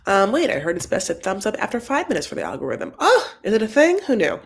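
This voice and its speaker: A woman, hosting a casual live-stream recap, chatty and animated, calling viewers honey as she reads the chat. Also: medium pitch, fast, creaky, husky.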